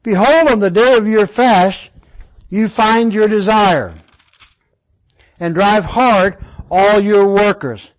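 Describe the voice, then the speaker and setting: A man's voice: high-pitched, poor audio. A man teaching an informal Bible study class, explaining the verses one by one in a conversational way.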